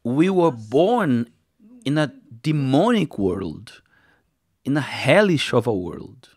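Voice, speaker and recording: A man with a Brazilian Portuguese accent delivers a sermon in English. He speaks slowly and lingers on his words. His voice swings widely in pitch as he drives his points home. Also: big pitch swings, darkish tone, husky, no echo, clean studio sound. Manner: deliberate, emphatic preaching with repeated phrases. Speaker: preacher.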